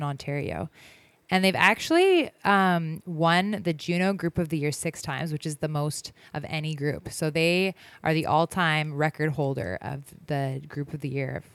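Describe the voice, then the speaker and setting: A woman's voice: low voice, clean tone, no room sound. A woman in her thirties hosting a radio show, chatting casually between songs with lots of ums and self-corrections. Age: 30s. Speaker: radio host.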